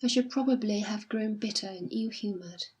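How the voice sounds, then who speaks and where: Jilted young woman, dignified and quiet, breathy husky timbre, as voiced by a woman reader. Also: mid-range voice, moderate pace, close to an everyday voice. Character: jilted young woman, proud and self-sacrificing. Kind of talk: audiobook reading.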